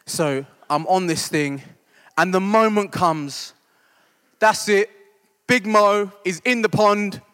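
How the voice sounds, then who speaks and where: High-voiced man preaching. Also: takes it slowly, bright, forceful tone, clean tone, long reverb tail. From East End of London. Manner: conversational, self-deprecating, keeps asking "right?". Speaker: church discipleship leader. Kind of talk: humorous storytelling sermon.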